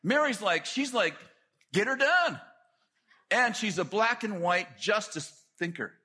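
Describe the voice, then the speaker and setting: A middle-aged man preaching a sermon, telling stories with lively asides and quick jokes. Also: sits high, breathy edge. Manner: animated storytelling with quick asides.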